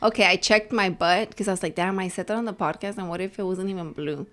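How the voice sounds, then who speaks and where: A young podcast co-host chats casually and rambles through her week, sprinkling in Spanish phrases. Her mid-range voice moves at a quick pace and has a fairly bright tone.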